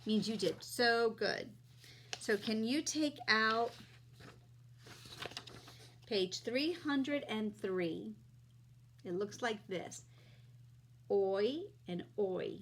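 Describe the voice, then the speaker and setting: A woman teaching young children phonics, slowly sounding out letters and vowel sounds with patient encouragement. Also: a little high, expressive, a little hiss or hum.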